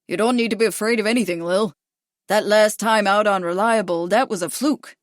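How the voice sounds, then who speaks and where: A woman's voice: mid-range voice, a little fast, no echo, clean studio sound, close to an everyday voice. A woman voicing a brash, boastful young male jockey with a drawling American Midwestern accent in a storybook reading. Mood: belligerent. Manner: drawling, belligerent.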